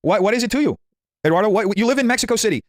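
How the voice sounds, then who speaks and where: A man on a livestream pushing back hard at a viewer, with his words tumbling out very fast. His voice sits a bit high, and the sound is dry and close. He comes across as defensive and combative. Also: lively intonation, no echo. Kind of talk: livestream argument.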